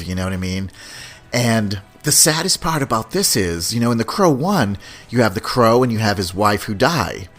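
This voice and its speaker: A man hosting a podcast in a casual, rambling, animated chat, laughing often. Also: fairly low pitch. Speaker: podcast host.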